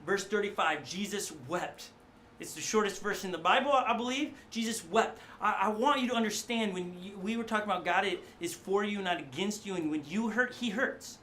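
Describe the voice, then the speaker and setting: A middle-aged male pastor preaching a sermon in a studio, animated and conversational, often acting out voices. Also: high-pitched, brisk, hardly any pauses, a little hiss or hum.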